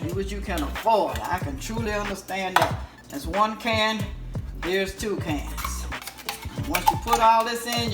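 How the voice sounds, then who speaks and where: A woman hosting a home cooking demonstration, chatty and animated, calling her viewers y'all. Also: mid-range voice. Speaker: home cooking channel host. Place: home kitchen, stove sizzling. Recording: roomy kitchen sound with loud background music.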